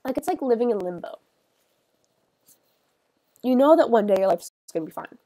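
Teary young woman streamer, soft and halting. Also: fairly high pitch, animated, dry recording. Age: young adult. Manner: soft, halting and rambling, many fillers. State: tearful and sniffly. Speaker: livestreamer. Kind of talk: casual stream chat while gaming.

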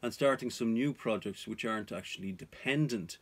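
A man's voice: fairly low pitch, a little fast, breathy edge. A man vlogging about off-grid life, talking to viewers in an earnest, cautionary way. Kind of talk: casual advice to viewers.

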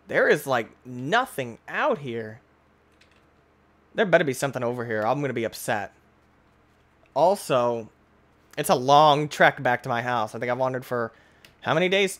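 A young man giving playful, excitable commentary on a Minecraft let's play, talking to the animals in the game. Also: on the high side. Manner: goofy, excitable, talks to animals. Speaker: gaming YouTuber.

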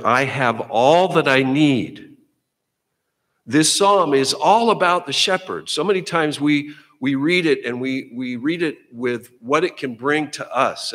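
A man's voice: medium pitch, fairly bright tone, long reverb tail. A middle-aged male pastor giving a sermon in a church, talking to the congregation in a folksy, conversational way and often repeating words as he goes. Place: church sanctuary.

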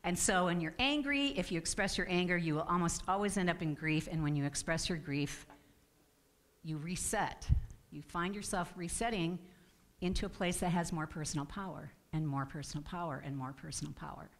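A middle-aged woman speaks to a spiritual community in a low-pitched voice. She is earnest and personal, and she often stops mid-sentence to restart her thought. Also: brisk. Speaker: guest speaker. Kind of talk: spiritual talk.

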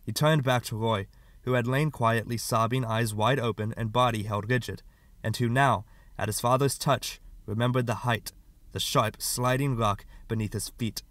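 A man's voice: mid-range voice, fairly even intonation, moderate pace, a bit bright, no echo. A man reading a story aloud, dry and close. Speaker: audiobook narrator. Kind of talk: scripted narration.

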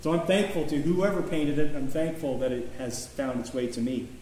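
A man's voice: on the high side, normal speed, mellow, slight background noise. A man preaching a sermon as pastor, in a conversational, folksy way with restarts and chuckles. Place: church sanctuary. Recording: very echoey church room, faint ambience.

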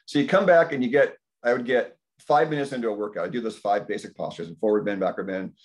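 A man in his fifties giving a rambling, casual talk at a community dinner, telling stories and acting out his own thoughts. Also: quick pace. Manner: animated storytelling, acts out his own thoughts in higher voice. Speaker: health practitioner speaking at a community dinner. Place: indoor community dinner gathering.

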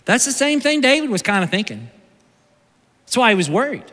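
A male pastor preaching a conversational sermon, moving from loud bursts to hushed, slow lines, recorded live in a church sanctuary. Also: very high voice, sing-song, in a large hall.

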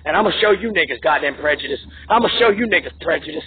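A man's voice: a little high, lively intonation, fast. A man ranting angrily into the camera in a profane, repetitive, agitated way. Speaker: vlogger. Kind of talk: angry political rant. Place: New York. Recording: tinny phone-like audio, faint noise.

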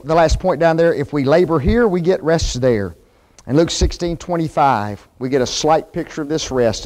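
Folksy man preaching, asking questions. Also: on the high side. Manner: asks the class questions, folksy and animated. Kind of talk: sermon, Bible class teaching. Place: church classroom.

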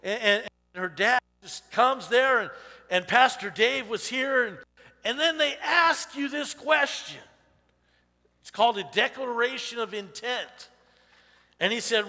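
A man in his fifties preaches in a high, ringing voice. His sermon is chatty and personal, full of "you know" asides, and his words echo with a long reverb through the church sanctuary. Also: measured pace, bright, forceful tone. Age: 50s. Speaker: pastor. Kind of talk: conversational sermon.

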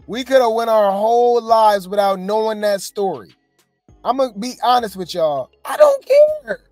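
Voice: medium pitch, dry recording. A host giving casual gossip commentary, blunt and dismissive, talking to viewers.

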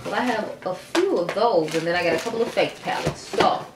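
A woman's voice: fairly low pitch, a little fast, reverberant, heavy background noise. A woman giving a frank, chatty makeup review, with lots of fillers. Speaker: beauty vlogger. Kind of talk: casual product review.

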